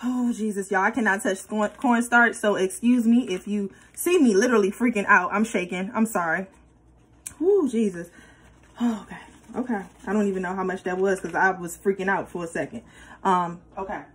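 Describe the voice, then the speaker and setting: A woman's voice: mid-range voice, moderate pace, husky, low-quality recording. A woman hosting a casual cooking tutorial, chatty and playful, talking straight to her viewers. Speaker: cooking vlogger.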